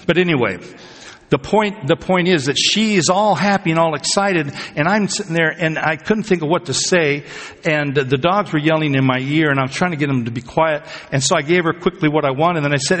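A man's voice: on the high side, fairly bright tone. A man preaching a sermon, telling everyday stories in a chatty way with laughs and asides. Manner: conversational storytelling with laughs and asides. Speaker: pastor. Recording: long hall reverb.

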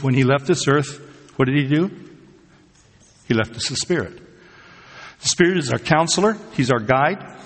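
A male pastor delivers a sermon and keeps asking his listeners questions. He speaks at a middle pitch with a somewhat husky tone. The recording has the long reverb of a church sanctuary. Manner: conversational, asks the congregation questions.

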